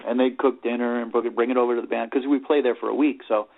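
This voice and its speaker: A middle-aged man from New York spins road stories as an interview guest, rambling and leaning on "you know" between thoughts. His voice sits at an ordinary pitch for a man. It comes through thin and tinny, like a phone line. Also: steady tone, fast talker, gravelly. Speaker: interview guest, rock singer. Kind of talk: casual storytelling interview.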